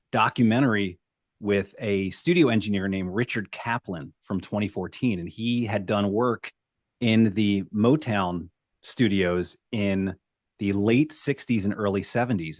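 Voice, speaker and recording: A man's voice: lowish voice, no room sound, clean studio sound. A man co-hosting a podcast, recounting a band's history from his notes in a storytelling way over casual chat. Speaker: podcast co-host.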